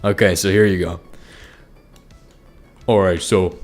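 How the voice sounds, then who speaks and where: Young man, low-pitched, casual game chat, loose rambling talk, faint background music. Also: steady tone, slow, pauses often. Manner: rambling, bursts into high-pitched angry yelling. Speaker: gaming streamer.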